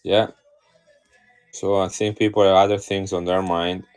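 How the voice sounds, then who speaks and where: Low-voiced man selling coins live. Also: flat delivery, a little slow, a little mellow, soft background music. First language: Italian. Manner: chatty, enthusiastic, addresses viewers directly. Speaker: live-stream coin seller. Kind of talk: casual live-stream selling chat.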